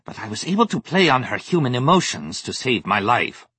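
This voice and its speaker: A man's voice: mid-range voice, sing-song, brisk, pushed and bright, slightly rough, dry recording, pitched above the performer's own voice, heavily acted. A man voicing a haughty, scornful male alien agent in an audiobook. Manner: haughty, bristling.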